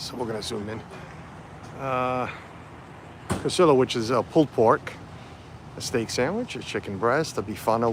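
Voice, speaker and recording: A man's voice: mid-range voice, slight background noise. Chatty man livestreaming on a street. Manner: rambling, chatty, many fillers and restarts. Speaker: livestream vlogger. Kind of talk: casual livestream walkthrough. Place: outdoors on a street at a festival site. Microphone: phone camera held while walking.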